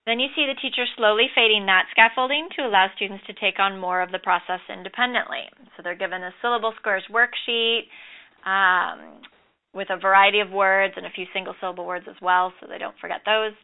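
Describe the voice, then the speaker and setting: A woman instructor explaining a lesson over slides in a measured way, with occasional fillers. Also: mid-range voice, fairly even intonation, gravelly. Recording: tinny phone-like audio.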